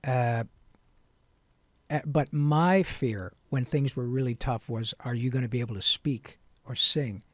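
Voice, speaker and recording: A man's voice: medium pitch, a little slow, no echo. Earnest man telling his story, dry sound. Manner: earnest, animated, frank. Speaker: guest voice actor. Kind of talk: interview storytelling.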